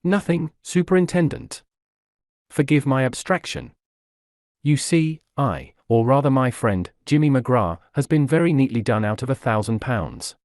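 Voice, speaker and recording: A man voicing a quick-witted young gentleman who speaks lightly and ironically. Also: mid-range voice, animated, no echo, clean studio sound. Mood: breezy rueful.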